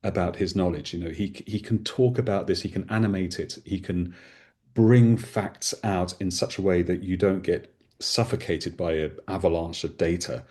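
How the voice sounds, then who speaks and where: A man's voice: low-pitched, normal speed, darkish tone. A man, a podcast host, chatting expansively and enthusiastically in a casual conversation.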